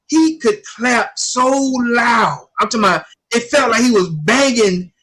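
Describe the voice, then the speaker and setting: A man's voice: extremely high pitch, lively intonation, measured pace, noisy background. A man telling a long, rambling story in casual sports chat, often repeating himself. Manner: rambling storyteller, repeats "I ain't gonna lie to you". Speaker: guest commentator.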